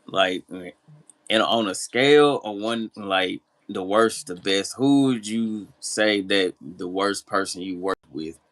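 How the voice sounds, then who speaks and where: A man hosting a casual interview who asks his questions haltingly and rephrases them as he goes. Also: on the low side, a bit bright. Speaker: interview host.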